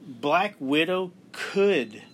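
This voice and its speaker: A man hosting a casual podcast discussion, animated and acting out quotes with emphasis. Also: a little high, very slow, slightly rough. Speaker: podcast host.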